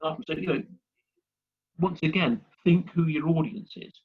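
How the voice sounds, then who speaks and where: A man's voice: fairly high pitch, unhurried, husky. Man, workshop presenter, rambling, filler-heavy, muffled video-call audio. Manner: rambling, many fillers and restarts. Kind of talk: instructional talk with anecdotes.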